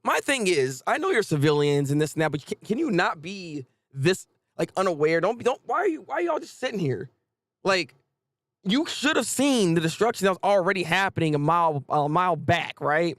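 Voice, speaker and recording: A man hosting a casual live manga reaction, chatty and animated, often restarting his sentences. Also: sits high, brisk, no room sound, clean studio sound.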